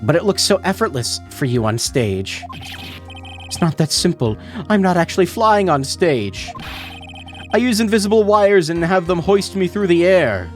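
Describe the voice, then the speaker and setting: A woman's voice: on the low side, very animated, moderate pace, darkish tone. A flamboyant, vain stage magician whose voice swoops and leaps with theatrical indignation, as a woman reads him out from a game. The lines are delivered dramatically, with faint music underneath. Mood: indignant. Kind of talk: reading game dialogue aloud.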